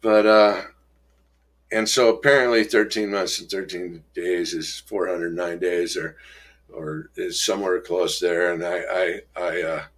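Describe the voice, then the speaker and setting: A middle-aged man with a somewhat low voice tells a personal story, pausing and restarting as emotion catches him. When he quotes other people his pitch jumps up, then it drops back to a quiet, heavy tone. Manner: halting and emotional, many restarts and trailing pauses. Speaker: guest telling his recovery story.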